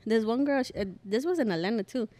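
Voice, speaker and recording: Young woman, podcast host, casual chat, lively storytelling, cusses a lot. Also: on the high side, fast talker. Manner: animated storyteller who acts out quotes and swears freely.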